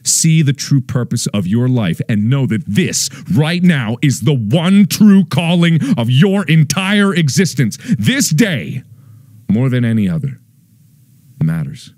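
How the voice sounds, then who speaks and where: A man's voice: medium pitch, very animated, slow, dry recording, studio quality. Over-the-top dramatic young man. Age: 20s. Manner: over-the-top solemn, swinging between hushed and shouted. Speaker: YouTuber. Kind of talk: mock-dramatic plea to viewers.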